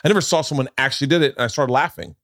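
A man's voice: mid-range voice, very fast, a bit bright, no echo, studio quality. A man in his forties hosting a podcast, telling rambling, profane comic stories and acting out the voices of the people in them. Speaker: podcast host. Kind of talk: casual comedic storytelling.

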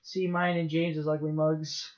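High-voiced rambling podcast guy. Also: little pitch movement, moderate pace. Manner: rambling, laughing, running through plugs. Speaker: podcast co-host. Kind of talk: casual podcast banter. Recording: dull lo-fi podcast audio.

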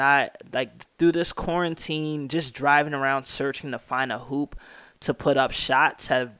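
A man's voice: mid-range voice, a bit bright, clean tone, no echo. A young American man hosting a sports podcast, talking casually and with strong opinions, rattling off stats and slang. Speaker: podcast host.

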